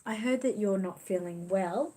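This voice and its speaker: A talkative middle-aged woman with an Australian accent hosts a casual livestream. She rambles easily, cooing warmly over what viewers share, in a voice of ordinary middle pitch. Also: measured pace. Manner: chatty, rambling, coos affectionately. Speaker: livestream host. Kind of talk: casual livestream chat reading comments.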